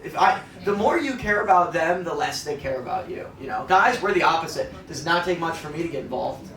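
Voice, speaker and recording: A young Midwestern man performs a self-deprecating stand-up set on a club stage, chatting with the crowd. His voice is a little high and fairly bright, brisk with lively intonation, recorded from a distance in a roomy live club with the audience laughing.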